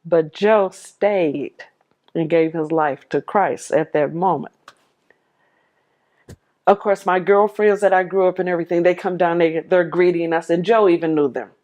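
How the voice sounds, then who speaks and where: A woman with a lowish voice tells her life story as a personal testimony, animated and quick to laugh. Her voice dips whenever she quotes someone else.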